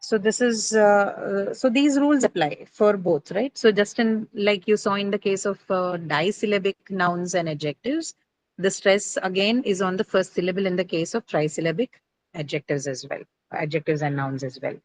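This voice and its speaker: A woman's voice: medium pitch, moderate pace, rough recording. A woman teaching an English class on word stress in a classroom, checking in with students and often adding "right?" and "uh".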